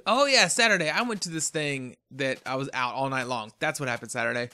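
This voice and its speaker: A man's voice: mid-range voice, fairly quick, bright, forceful tone, smooth. A tired man hosting a game let's play, rambling chattily to himself in casual commentary as he plays. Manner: rambling, chatty, talks to himself while playing. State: tired and yawning.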